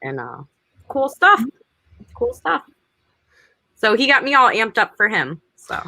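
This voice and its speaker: A woman's voice: fairly high pitch, big pitch swings, measured pace, vocal fry, sharp tone, no room sound. A woman guest in a casual video-call chat, talking in an enthusiastic, giggly way about her family.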